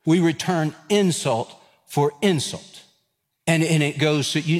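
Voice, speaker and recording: Pastor in his fifties, animated. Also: fairly high pitch, measured pace, in a large hall. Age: 50s. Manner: animated storyteller, acts out dialogue. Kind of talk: sermon with personal story.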